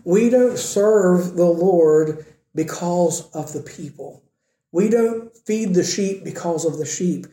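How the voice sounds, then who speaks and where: Preaching slowly to his congregation, a man speaks in an earnest, conversational sermon, his emphasis rising as he presses each point. The voice is slightly high-pitched, yet deeply dark and mellow. Church-room echo colors the sound.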